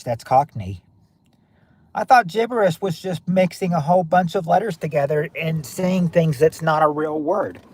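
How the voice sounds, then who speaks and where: A man's voice: a little high, darkish tone, breathy edge, no room sound. A man with a Southern US accent hosting a casual stream, rambling and repeating himself as he talks to his chat. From southern United States. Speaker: stream host.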